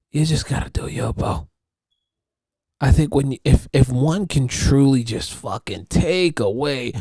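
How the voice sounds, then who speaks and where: A man's voice: mid-range voice, darkish tone, no echo, clean studio sound. A man hosting his own podcast, talking alone in a loose, rambling, profane monologue. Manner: rambling, profane, restarts and fillers. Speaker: podcast host. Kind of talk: casual solo podcast monologue.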